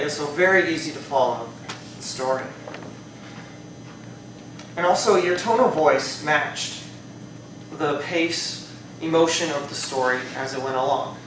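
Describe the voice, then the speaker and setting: A man with a slightly high voice gives a spoken evaluation of a speech to a live audience in a speaking club's meeting room. He's chatty and conversational, hedging often with "I think" and "you know." The mic sits far away, so the recording is heavily echoey with a noisy background.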